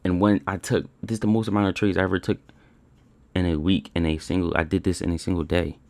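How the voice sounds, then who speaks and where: Young guy with a low voice, cursing and ranting about his trades, rambly, dry close mic. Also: level tone, fast, gravelly, darkish tone, no room sound. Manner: swears constantly, repeats himself, rambling. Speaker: day trader recapping his session. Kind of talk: frustrated screen-share rant.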